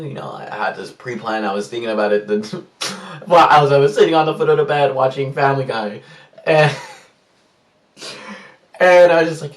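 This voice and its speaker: Young man, casual storytime vlog, animated, squealing highs and whispered asides, echoey room, set back from mic. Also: normal speed, recorded from a distance. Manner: animated, swings into loud high squeals and hushed whispers when quoting himself. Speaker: vlogger. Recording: roomy echo, a bit off-mic.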